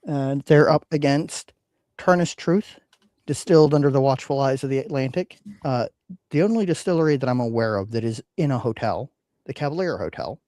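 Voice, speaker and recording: A man's voice: mid-range voice, lively intonation, moderate pace, a little mellow, no echo. Rambling man hosting a whiskey podcast. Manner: rambling, hesitant with many fillers. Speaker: podcast host. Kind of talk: casual chat.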